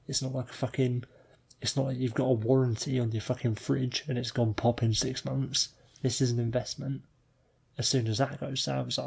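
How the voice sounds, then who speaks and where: A British man co-hosting a podcast, swearing freely with a wry, drawn-out delivery. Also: medium pitch, flat delivery, vocal fry, a little mellow, slightly rough. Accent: British English. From Britain. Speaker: podcast co-host. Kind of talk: casual chat.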